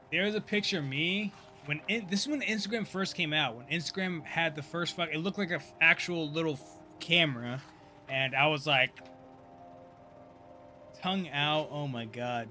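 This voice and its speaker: A man in his thirties streams and riffs casually, swearing and laughing between remarks. His voice sits a bit high and sounds bright and forward. Soft music plays faintly behind him. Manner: loose, profane, laughs often, chatty asides. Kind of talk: casual live-stream commentary.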